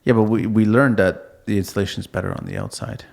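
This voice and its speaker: A fairly low, gravelly-voiced man co-hosts a casual podcast, inquisitive and jokey as he asks follow-up questions. He is recorded on site at a manufacturing facility. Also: big pitch swings, quick pace, a little mellow. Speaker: podcast co-host.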